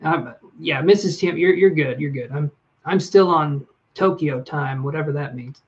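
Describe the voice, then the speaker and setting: Man, fairly high voice, live-stream relationship advisor who talks to chat by name, murky lo-fi audio. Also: moderate pace. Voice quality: reflective, speaks straight to viewers by name. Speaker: livestream reader and relationship advisor.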